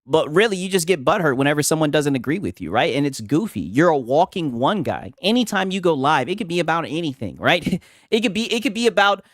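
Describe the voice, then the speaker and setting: A man's voice: on the high side, very animated, fast talker, no room sound, clean studio sound. Mocking man tagging every point "right?". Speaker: streamer reacting to clips. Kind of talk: casual live-stream commentary.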